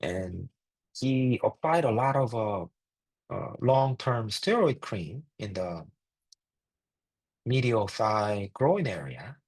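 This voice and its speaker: A man gives a medical case presentation in a lecture, narrating each case plainly and pausing on fillers as he thinks. His voice sits low and has a husky, gravelly edge. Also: sing-song, darkish tone, low-quality recording. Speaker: physician lecturer.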